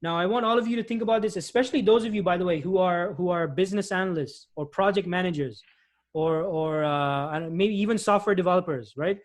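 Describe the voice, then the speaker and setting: A man presenting job search advice in an animated webinar talk, often restarting phrases and acting out customers' lines. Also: sits high, fast talker. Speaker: guest speaker, IT recruiter.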